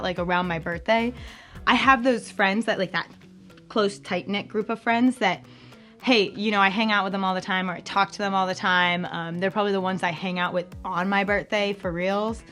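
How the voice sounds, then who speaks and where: Bubbly chatty young woman host. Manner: chatty and bubbly, lots of fillers, jumps up high for quoted voices. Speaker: campus ministry podcast host. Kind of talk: casual chat.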